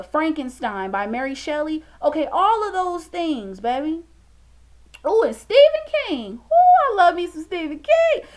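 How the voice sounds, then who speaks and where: High-voiced chatty young woman vlogging. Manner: chatty, calls the viewer "baby" and "y'all", restless and expressive. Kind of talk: casual motivational monologue.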